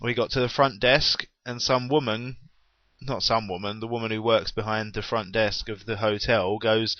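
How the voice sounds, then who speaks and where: A man's voice: on the low side, steady tone, moderate pace, no room sound, highs cut off. A young man chatting unscripted in a rambling, self-deprecating way on his gaming vlog. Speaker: gaming vlogger.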